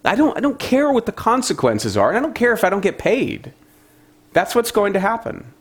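A man's voice: sits high, very animated, brisk, slightly rough, pitched above the performer's own voice, exaggerated voice. A man voicing a blunt, defiant prophet in a retold scripture story, speaking emphatically in a raised voice.

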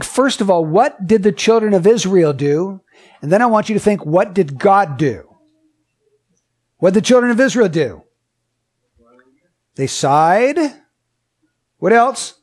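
A man preaching a sermon. He reads scripture aloud, asks the listeners many questions, and repeats his points with emphasis. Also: sits high. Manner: emphatic and repetitive.

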